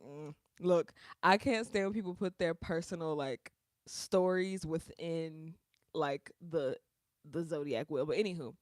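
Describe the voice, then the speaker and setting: A woman's voice: low voice, measured pace, a little mellow, no room sound. A woman hosting a casual livestream from her bedroom on a small close mic, chatty and slangy, laughing often. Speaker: livestream host.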